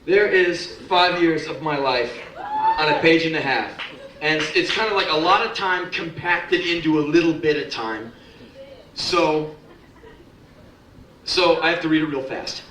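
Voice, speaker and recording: A man's voice: on the high side, huge pitch swings, measured pace, pauses often, a bit bright. Profane, sardonic young man on stage. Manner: profane, sardonic, blunt storytelling. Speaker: spoken word performer. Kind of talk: live spoken word monologue. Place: live music club. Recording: echoey club from a distance, faint crowd noise.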